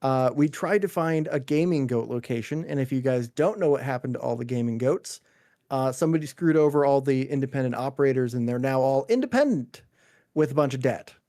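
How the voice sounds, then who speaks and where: A man co-hosting a gaming podcast in casual chat, relaxed and easygoing as he asks questions. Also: medium pitch, brisk.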